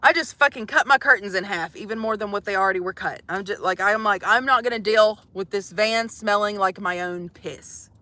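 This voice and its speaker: A woman's voice: medium pitch, brisk, hardly any pauses, bright, forceful tone, dry recording. A young woman telling a comic, profane story to live viewers from inside a van, exasperated and swearing freely. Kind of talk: casual storytelling livestream.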